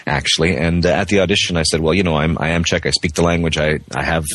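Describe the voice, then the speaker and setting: A man's voice: low voice, fairly even intonation, fast talker, a bit bright, no echo. A man in his forties who grew up in Canada, a guest actor chatting on a phone interview, talking with lots of fillers and restarts. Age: 40s. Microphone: phone call.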